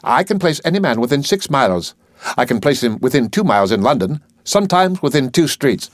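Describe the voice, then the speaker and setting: A man's voice: mid-range voice, big pitch swings, brisk, no room sound, studio quality, voice pushed up, close to an everyday voice. A man reading an audiobook, voicing a brusque, arrogant male professor of phonetics who lectures and scolds emphatically. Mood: boastful.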